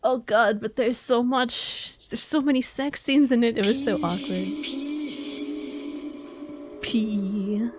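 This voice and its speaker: A woman's voice: on the high side, takes it slowly, long pauses, loud music behind the voice. A young woman streaming a game live, chatting casually, laughing often and answering her chat.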